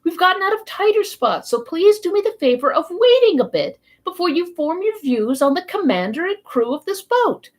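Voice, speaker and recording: A woman's voice: very high-pitched, very animated, moderate pace, few pauses, pitched above the performer's own voice. A woman voicing a courteous, learned professor. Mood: reasoning. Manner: earnest and coaxing, rising to exclamations. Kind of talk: read-aloud storybook voice.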